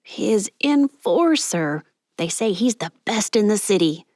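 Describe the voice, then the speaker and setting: A woman's voice: medium pitch, lively intonation, takes it slowly, darkish tone, no echo. Lady doing a gossipy young elevator guy, folksy and slangy, dry read. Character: chatty young male elevator attendant, gossipy.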